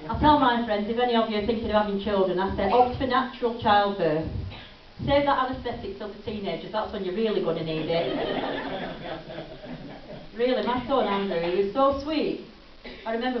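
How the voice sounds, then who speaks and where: A woman performs a chatty stand-up routine, teasing the crowd. Her voice swings up and down with lively melody. It comes over a muffled, lo-fi recording taken from far off in an echoey hall with faint hiss. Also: medium pitch. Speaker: stand-up comedian. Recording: lo-fi camcorder from a distance in an echoey hall.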